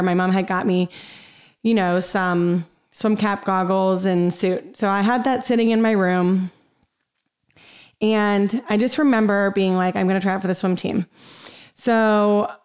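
A woman's voice: medium pitch, darkish tone. Chatty upbeat woman podcast host. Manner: upbeat, chatty, many fillers. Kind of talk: personal storytelling monologue.

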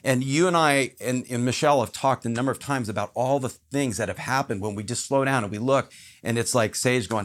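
A man's voice: mid-range voice, a little fast. A man telling a personal story as a podcast guest, earnest and emphatic.

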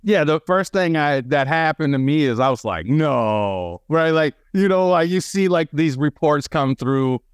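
A man telling stories as a birding guest on a radio chat show, animated and excitable, with lots of fillers. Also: a little high, moderate pace, few pauses, clean tone, dry recording, studio quality. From Wisconsin, USA.

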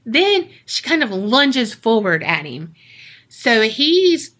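A woman co-hosting a podcast, telling a ghost story in a relaxed, chatty way full of "like". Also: a little high, takes it slowly. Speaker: podcast co-host.

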